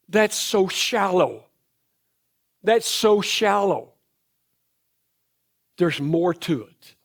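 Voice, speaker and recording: Slow, emphatic man preaching a sermon. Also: high-pitched. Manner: slow, emphatic, repeats key phrases. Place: church sanctuary.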